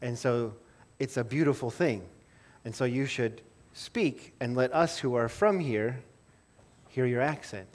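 A man's voice: medium pitch, a little slow, darkish tone. Conversational man preaching a sermon. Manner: conversational, self-interrupting with small laughs and repeated words. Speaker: pastor.

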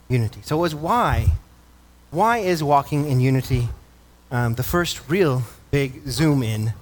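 A male pastor preaching a sermon, reading scripture and asking the congregation questions. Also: on the high side. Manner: earnest preaching, asks the congregation questions, reads scripture aloud.

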